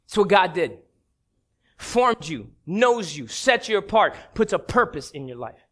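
A male preacher delivers his sermon in a very high, bright voice. He swings widely in pitch and drops low and slow on key phrases for drama. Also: very animated.

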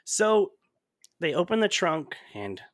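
A man hosting a casual movie-review podcast, animated and laughing often, with plenty of fillers. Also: high voice, slow, dry recording, studio quality. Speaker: podcast host.

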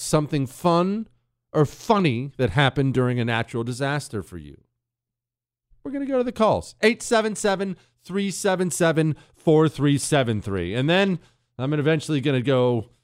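A man's voice: medium pitch, clear, resonant tone. A middle-aged man hosting a radio talk show, delivering an opinionated, sarcastic monologue. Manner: animated, sarcastic, mocks others in put-on voices.

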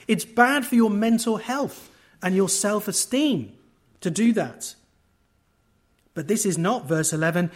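Guy preaching a bible sermon, fairly high voice, takes his time, punchy then quiet, drops in dry jokes. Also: breathy edge. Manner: wry asides to the audience; emphatic, with wide swings in loudness. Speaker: preacher at a conference. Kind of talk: expository sermon.

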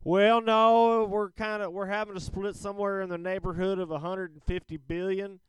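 A man's voice: high voice, fairly even intonation, moderate pace, fairly bright tone, clean tone, dry recording. A man doing a crude boastful rich caller with a put-on Southern drawl. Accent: fake Southern American drawl. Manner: folksy rambling, crude, boastful. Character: brash rich man caller, going through divorce. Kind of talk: comedic prank call-in sketch.

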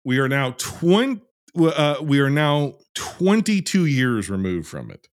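A man hosts a film review podcast, and his talk is casual but full of profanity and sardonic rants. His voice sits at an ordinary pitch. The sound is dry and close, with no room echo. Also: sing-song, slow pace. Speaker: podcast host reviewing films.

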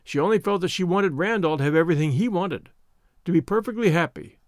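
Male audiobook narrator, fairly high pitch, lively delivery, dry close sound. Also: quick pace, no echo.

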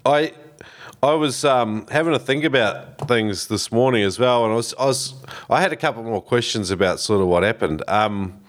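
A man's voice: medium pitch, moderate pace. A man conducting a casual interview, speaking in a friendly, hesitant way with many ums.

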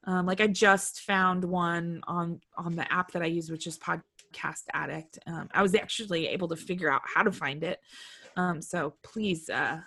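A woman's voice: on the low side, steady tone, normal speed, pushed and bright. Giggly podcast woman. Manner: bubbly, giggly, with many fillers. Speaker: podcast co-host. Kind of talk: casual chat.

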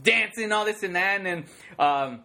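A man in his thirties in casual chat, rambling excitedly, packing his talk with "like" and acting out sound effects. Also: high-pitched, moderate pace.

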